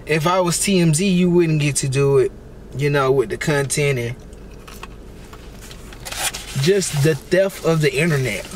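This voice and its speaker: High-voiced man in an animated eating rant. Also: measured pace, pauses often, slight background noise. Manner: animated, exclamatory, chatty, talks between bites. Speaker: celebrity blogger and vlogger. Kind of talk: casual rant while eating on camera.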